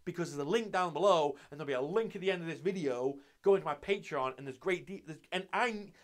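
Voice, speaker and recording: A man's voice: a little high, fast talker. A young man hosting his channel, giving a loose, sweary, casual review of an anime episode with lots of restarts.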